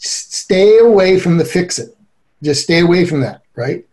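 A middle-aged man giving an earnest, animated interview as a relationship expert, often breaking into laughter. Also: sits high, moderate pace. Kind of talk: conversational interview.

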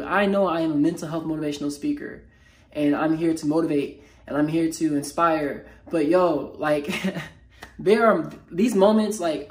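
A man who speaks as a mental health motivational speaker, talking unscripted in a personal vlog while feeling low. His speech is halting, raw and emotional, full of slangy fillers and restarts.

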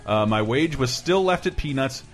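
Man, podcast host, casual chat, animated storytelling, faint background music. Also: medium pitch, moderate pace. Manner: animated storyteller who puts on voices. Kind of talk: casual chat, reading listener stories.

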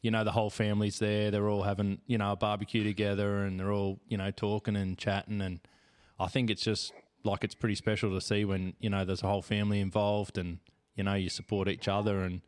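An Australian man hosts a casual podcast in a voice that sits slightly low. He rambles through his questions and keeps padding them with "you know" while he talks things over with his guests. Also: flat delivery, a little fast, clean tone. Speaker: podcast host. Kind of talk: casual chat.

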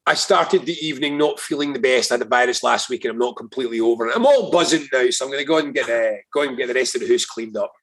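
A Scottish man, a guest on a podcast, telling stories in a lively, emphatic way and swearing freely. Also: medium pitch, fast, few pauses, slightly rough. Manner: animated, emphatic storyteller who swears freely. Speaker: guest, political strategist. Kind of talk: casual podcast conversation, storytelling.

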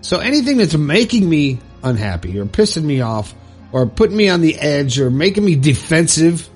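A man's voice: on the high side, very animated, normal speed, a little mellow, breathy edge, faint music behind. A man giving an earnest motivational monologue, bluntly repeating his points and swearing mildly now and then.

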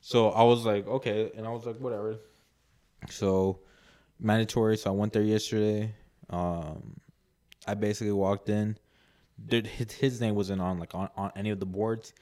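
A man with a fairly low voice telling a long story on a casual podcast. He rambles, fills every gap with "like," and acts out what people said to him. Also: steady tone, moderate pace, warm tone. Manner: rambling, many "like"s, laughs a lot, acts out quotes. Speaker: podcast co-host.

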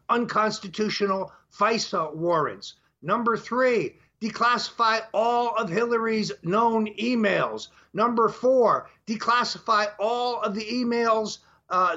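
Emphatic older man, bright high voice. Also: dull audio. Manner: emphatic, lays out numbered points. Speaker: guest. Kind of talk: talk show interview.

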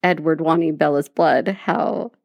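A young woman chats on a casual podcast, low-voiced with a husky, gravelly edge. She throws in teasing asides. The recording is dry and close. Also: unhurried, a little mellow, dry recording. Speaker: podcast co-host.

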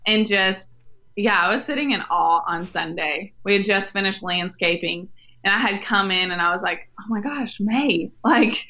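A young woman, a podcast guest, telling a faith story earnestly and warmly, laughing now and then. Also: mid-range voice, moderate pace, highs cut off. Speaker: podcast guest, women's ministry leader. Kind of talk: faith-based interview conversation.

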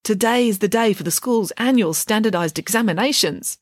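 A woman's voice: medium pitch, fairly quick, dry recording, pitched above the performer's own voice, close to an everyday voice. A woman voicing a curious, polite young boy with an earnest manner.

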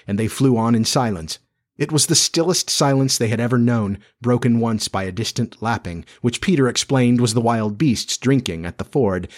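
A man narrating a storybook in a measured, steady way. His voice sits low and has a husky, breathy edge. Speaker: audiobook narrator. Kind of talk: scripted narration.

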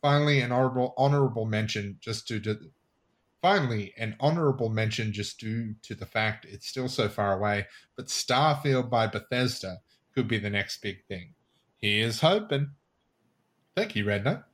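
A man's voice: lowish voice, expressive, normal speed. Aussie guy hosting a gaming podcast, chatty and laughing a lot, voice goes all over the place. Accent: Australian. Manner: reads listener lists, laughs easily. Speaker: podcast co-host. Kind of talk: casual chat.

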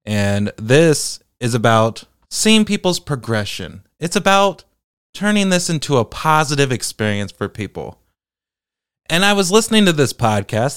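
Animated man with a lively voice. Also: mid-range voice, clear, resonant tone, no room sound, clean studio sound. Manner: animated, incredulous commentary. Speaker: podcast host. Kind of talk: commentary podcast.

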